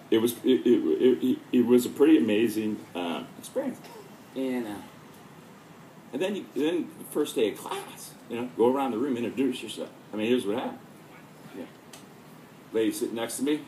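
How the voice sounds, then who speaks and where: A middle-aged man addresses an audience, telling a story and acting out its lines. His pitch rises and falls a lot, and he sounds roomy and echoey with faint noise under him. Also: normal speed, pauses often. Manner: storytelling with lively acted-out quotes. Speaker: speaker. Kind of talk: speech to an audience.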